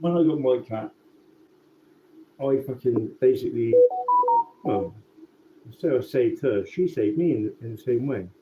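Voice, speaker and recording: A man telling a rambling, sweary story in a casual, relaxed way. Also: mid-range voice, measured pace, pauses often. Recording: tinny phone-like sound with faint background noise.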